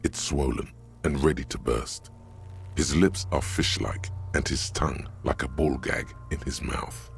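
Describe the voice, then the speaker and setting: An ominous, very deep game narrator. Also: male voice, gravelly, faint music behind, full character voice. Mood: grave. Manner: slow, grave, vivid descriptions. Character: ominous male narrator inside the hero's head.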